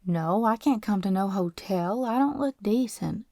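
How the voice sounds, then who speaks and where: A proud, poor ranch boy refusing charity, his speech full of rustic country grammar and a stubborn drawl. A woman puts him on in an audiobook, her voice mellow and warm. The sound is dry and close. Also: medium pitch, lively intonation, normal speed, no echo, close to an everyday voice. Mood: earnest.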